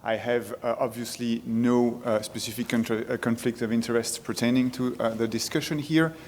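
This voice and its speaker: A man's voice: mid-range voice, steady tone, normal speed, darkish tone. A man with a French accent giving a conference lecture to a room of colleagues, explaining his points one by one. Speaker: physician presenting at a medical conference. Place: large lecture room with an audience. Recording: reverberant conference hall.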